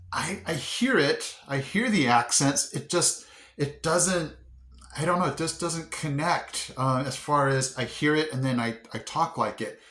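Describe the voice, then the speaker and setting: A man's voice: on the high side, measured pace, fairly bright tone. A man hosting a casual vlog, chatty and upbeat, often poking fun at himself. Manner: upbeat, chatty, self-deprecating. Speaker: vlog host. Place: indoor room. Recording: roomy echo.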